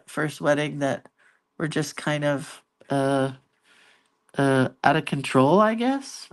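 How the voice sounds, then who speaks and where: A middle-aged woman telling a personal story in a casual, rambling way, full of asides. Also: deep voice. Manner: chatty, rambling, with many asides. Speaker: crafting vlogger.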